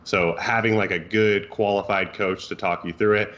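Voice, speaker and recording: Male coach co-host, lowish voice, laid-back and jokey, casual podcast talk. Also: normal speed, hardly any pauses, lo-fi sound. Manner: joking, relaxed, easygoing.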